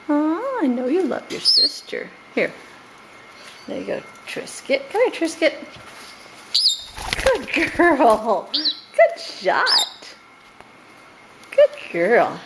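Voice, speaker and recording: A woman's voice: wildly swooping pitch, takes it slowly, pauses often. Woman cooing at her pet birds. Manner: coos and coaxes the birds in high sing-song pet talk, laughs often. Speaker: parrot owner filming her birds. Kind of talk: home video chat with pet birds. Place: at home with pet parrots. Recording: home camera with loud background noise.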